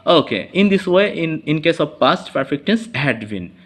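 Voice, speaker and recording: A man's voice: a little high, sing-song, normal speed, roomy sound. A male English teacher giving a classroom grammar lesson, explaining step by step and repeating key phrases. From Bangladesh.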